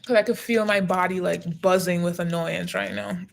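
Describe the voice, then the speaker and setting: A woman's voice: fairly low pitch, fairly even intonation, moderate pace, creaky. Annoyed woman venting on a livestream. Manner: frustrated and venting, then guiding a breathing exercise. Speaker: livestream host. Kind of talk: casual livestream talk.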